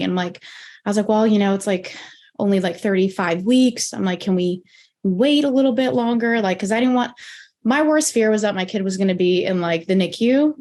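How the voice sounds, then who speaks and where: A woman in her thirties, a podcast guest, telling a personal story in a lively way, acting out what she and others said and using "like" often. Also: medium pitch, a little fast. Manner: animated, acts out her own and others' quoted lines with lots of "like".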